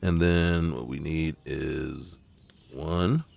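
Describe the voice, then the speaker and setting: A man's voice: extremely low pitch, fairly even intonation, extremely slow, creaky, darkish tone. A man hosting a gaming channel gives casual commentary on his gameplay, talking to himself and crying out in frustration when things go wrong. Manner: talks to himself, exclaims in frustration.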